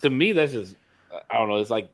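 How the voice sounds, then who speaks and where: A podcast co-host with a mid-range voice talks fairly quickly on a dry recording. In casual chat he tells stories emphatically and animatedly, swearing often.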